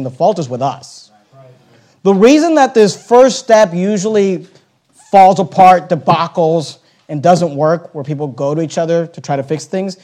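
A man preaching a sermon as pastor, swinging between soft and loud and acting out little dialogues. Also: a little high. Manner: acts out little dialogues and quotes scripture.

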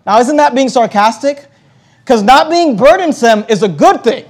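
A man's voice: very high voice, lively intonation, moderate pace. A man preaching a conversational Bible-teaching sermon, explaining verses with plenty of fillers and restarts.

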